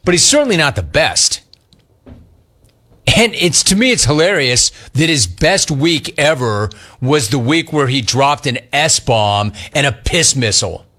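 A man's voice: medium pitch, unhurried. Emphatic, mocking male sports host. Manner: emphatic, mocking and animated, repeats phrases for effect. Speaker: sports talk radio host. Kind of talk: sports radio banter.

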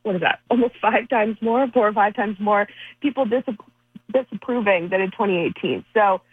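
A woman from Florida calling in to a radio show, giving confident, brisk political talking points over a phone line. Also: medium pitch, husky, no room sound. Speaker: caller, political strategist. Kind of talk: phone-in interview.

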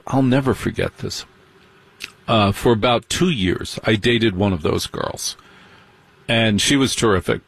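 Husky, low-voiced sardonic storytelling man. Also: dry recording. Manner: sardonic, animated, mocking asides. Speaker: comedian. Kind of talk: stand-up storytelling.

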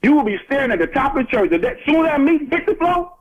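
A man's voice: very high voice, very animated, fast talker. A man arguing heatedly over the phone, defiant and repeating himself. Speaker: caller, prank target. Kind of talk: angry phone argument. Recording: phone line audio.

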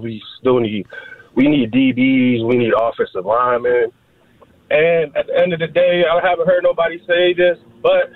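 A man's voice: medium pitch, no echo. A man in his thirties calling in to a sports radio show, rambling casually in slang. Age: 30s. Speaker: caller. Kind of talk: phone-in chat. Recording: tinny phone line.

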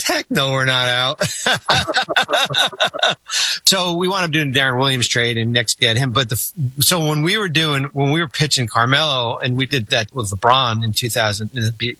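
A man spins a long anecdote in casual podcast chat, circling back and restarting his sentences as he goes. His voice is bright and forward, with a close, dry sound and no room around it. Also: medium pitch, no room sound. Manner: rambling, animated, many fillers and restarts. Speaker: former team executive telling stories.

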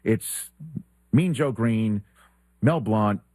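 A man hosting a sports talk show, telling a lively anecdote and acting out the quoted exchanges. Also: lowish voice, very slow, no echo. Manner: animated storyteller who acts out quoted exchanges.

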